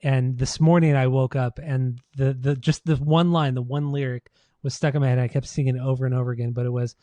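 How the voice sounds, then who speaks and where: A man co-hosting a podcast in easy, rambling talk, full of fillers. His tone is soft and darker than most, with a middle pitch, and the sound is close and dry. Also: fairly quick, dry recording. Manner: relaxed, rambling, filler-heavy. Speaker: podcast co-host. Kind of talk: casual chat.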